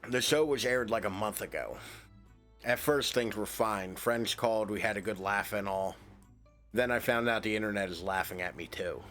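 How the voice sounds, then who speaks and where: A man's voice: lowish voice, moderate pace, a bit bright, faint music behind. A man streaming a game, reading its text aloud and breaking off into joking, swearing asides.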